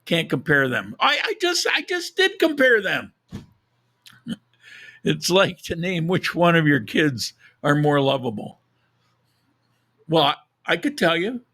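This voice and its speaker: A man hosting a live podcast, chatting casually with a hoarse, froggy voice, rambling and correcting himself as he goes. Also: on the high side, sharp tone. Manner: rambling, self-correcting, chuckles at own jokes. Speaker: podcast host. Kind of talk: casual live-stream chat.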